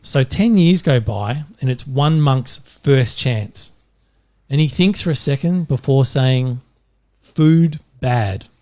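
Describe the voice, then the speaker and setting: A man's voice: medium pitch, animated, slow pace, a little mellow. A middle-aged Australian man co-hosting a podcast, telling dad jokes in a rambling, jokey way with plenty of fillers. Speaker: podcast co-host.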